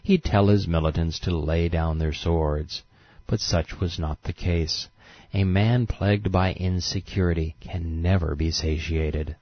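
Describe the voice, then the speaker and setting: Male documentary narrator, very deep, sarcastic and scornful, dull dry audio. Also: steady tone, measured pace, no echo. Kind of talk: scripted narration.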